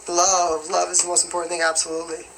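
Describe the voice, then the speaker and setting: Chatty young New York man, bright voice. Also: high-pitched, gravelly, a little hiss or hum, poor audio. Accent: light New York. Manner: chatty and rambling, with constant "you know what I mean". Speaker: livestream host answering viewer questions. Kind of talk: casual live Q&A chat.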